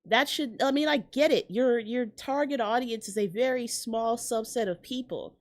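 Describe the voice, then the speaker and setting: A woman hosting a casual reaction commentary, sarcastic and profane, tossing out quick asides. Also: on the high side. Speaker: commentary host.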